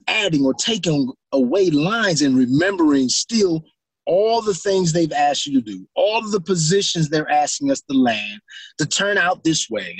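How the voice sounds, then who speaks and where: Lively, husky-voiced man telling stories. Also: a little high, dry recording, low-quality recording. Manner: animated, acts out his own past reactions in quoted asides. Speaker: guest actor. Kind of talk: casual interview storytelling.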